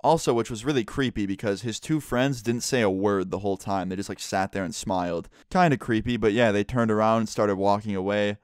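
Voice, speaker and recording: Young male vlogger, casual storyteller, smooth clear voice, dry close sound, lowish pitch. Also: fairly quick, hardly any pauses, no echo. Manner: relaxed, chatty, lots of "like".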